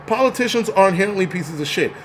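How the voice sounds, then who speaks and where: A man's voice: high voice, lively intonation, fast talker, fairly bright tone, a little hiss or hum. A man hosting a live stream, ranting heatedly and profanely, often stammering over the start of a sentence before pushing on. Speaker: channel host.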